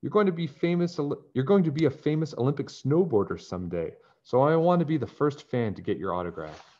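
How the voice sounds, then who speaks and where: A man voicing an eager young girl detective who talks in quick, excited bursts. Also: fairly low pitch. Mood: gushing. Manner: excited, fast pleading. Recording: dull lo-fi recording.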